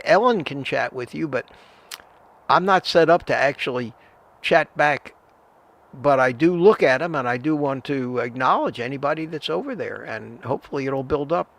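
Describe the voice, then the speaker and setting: A man's voice: on the high side, creaky, fairly bright tone. An older man hosting a live stream, chatting casually, giving advice and greeting viewers by name. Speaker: livestream host answering viewer chat.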